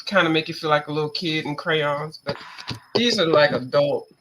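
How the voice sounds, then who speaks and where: A woman hosting a late-night live stream, chatting casually while she colors, with relaxed, drawn-out fillers. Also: low voice, background noise. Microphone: video call.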